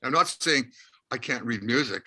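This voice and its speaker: An older man tells rock-band stories in a casual interview. His voice is bright and cutting, and he leans forward into every anecdote, acting out who said what. The delivery stays at an ordinary middle pitch. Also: normal speed. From Canada, Winnipeg. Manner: lively anecdotal storyteller who acts out dialogue. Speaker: interview guest, rock musician.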